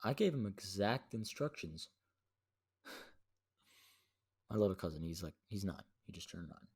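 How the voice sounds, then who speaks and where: A man's voice: low-pitched, unhurried, husky. A young man telling a story as a podcast host, slangy and profane, with lots of "dude". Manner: slangy and profane, says "dude" a lot, animated retelling. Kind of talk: casual storytelling monologue.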